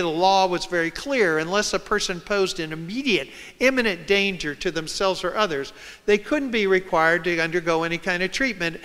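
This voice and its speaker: Man, high voice, bright, smooth, storytelling talk, reverb of a big hall. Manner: storytelling, acting out quoted voices. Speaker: speaker. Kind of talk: public talk. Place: large hall with audience.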